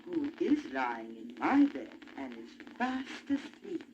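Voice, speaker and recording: A woman's voice: rumbling low, huge pitch swings, takes it slowly, darkish tone, slight background noise, heavily acted. A woman voicing an indignant, middle-sized mama bear. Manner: indignant questioning. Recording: muffled old vinyl record.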